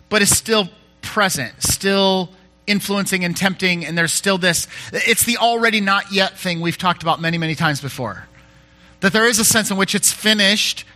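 A man's voice: high voice, bright, forceful tone. A male pastor giving a conversational sermon, candid and self-deprecating, often restarting his sentences.

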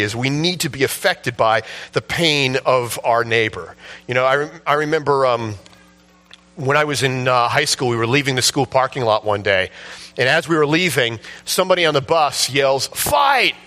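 A man preaching a sermon, telling a story with passion and building to shouts at its peak. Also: medium pitch, moderate pace. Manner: impassioned storytelling, rising to shouts at the climax. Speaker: pastor.

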